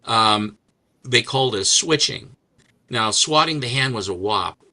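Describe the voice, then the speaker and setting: Older guy rambling on about old comics, super bright voice, jokey. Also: medium pitch, lively intonation, unhurried. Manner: rambling storyteller, chatty and joking. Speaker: host. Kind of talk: casual chat showing comics.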